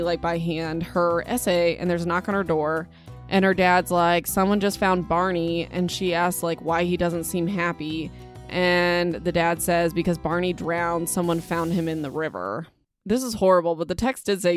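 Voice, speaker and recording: A woman's voice: on the low side, steady tone, moderate pace, soft background music. A young woman casually retelling a novel's plot as a podcast host, chatty and emotional, with lots of fillers and side comments. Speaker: podcast host recapping a book. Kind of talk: casual book recap chat.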